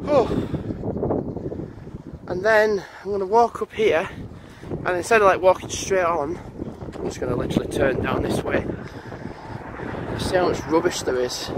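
A man's voice: high-pitched, normal speed, long pauses. A man, vlogging casually and rambling aloud as he walks outdoors. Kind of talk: casual walking vlog chat. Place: outdoors on a lane by a busy road. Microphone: handheld camera while walking. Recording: wind and traffic noise outdoors.

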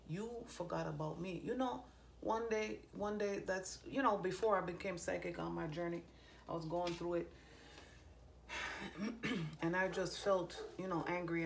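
A woman's voice: on the low side, creaky, slight background noise. A woman psychic giving channeled messages in a loose, stream-of-consciousness way, swearing freely and trailing off mid-thought. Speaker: psychic medium. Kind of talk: casual spiritual channeling talk.

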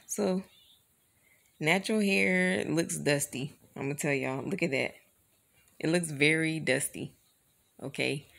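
A woman's voice: low-pitched, gravelly. A woman vlogger chatting casually to her camera, rambling and calling her viewers y'all.

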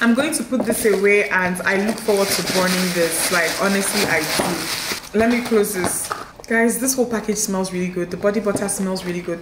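This casual haul vlog features a young woman from Nigeria, speaking at a medium pitch in an echoey room with background noise. She's effusive as she unpacks her purchases at home, exclaiming often and addressing her audience as guys.

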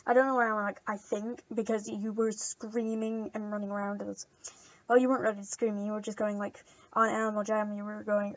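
A rambling, excitable woman chats through a casual gameplay video and gushes over each gift. Her voice sits a little high with a mellow tone. The sound is dull and lo-fi, close and dry. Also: dry recording. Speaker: channel host.

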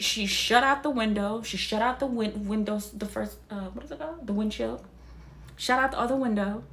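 A young woman chatting casually about a film, animated and incredulous, swearing freely as she talks. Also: medium pitch. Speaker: vlogger reviewing a film. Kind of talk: casual reaction chat.

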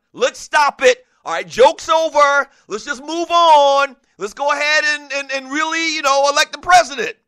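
Male talk host, sharp bright tone, emphatic, repeats himself, jokes and laughs between points. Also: extremely high pitch. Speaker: podcast host. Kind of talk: casual sports talk show.

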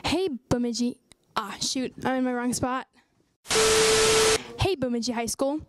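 A teenage girl with a high, bright voice hosts a school video show. She talks casually and teases herself along the way. The tone is playful student broadcasting. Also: a little slow, heavy background noise. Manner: casual, playful and self-mocking. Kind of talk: casual school news hosting.

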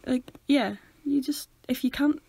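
A woman's voice: high voice, mellow, breathy edge, no room sound. A young woman with a Northern Irish accent, co-hosting a podcast in joking casual chat. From Northern Ireland. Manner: chatty and joking, quick banter. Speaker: podcast co-host.

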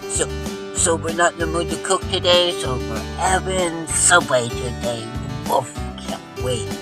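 A man's voice: fairly high pitch, measured pace. A playful man chatting casually outdoors in a park, ending nearly every line with a barked woof. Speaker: vlogger. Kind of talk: casual vlog chat. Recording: loud music playing over the voice.

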